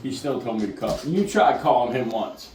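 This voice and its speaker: A man's voice: mid-range voice, lively intonation, moderate pace, darkish tone. A man in his forties hosting a podcast and telling loose, profane stories in casual chat, recorded on a phone. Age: 40s. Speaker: podcast host. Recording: roomy, distant mic with background noise.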